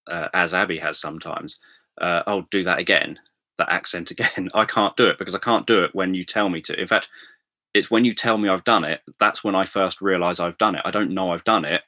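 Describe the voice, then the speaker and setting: A man chatting casually on a livestream, rambling with many pauses and self-corrections. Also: low-pitched, pushed and bright, no echo. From England. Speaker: livestream host. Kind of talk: casual chat with viewers.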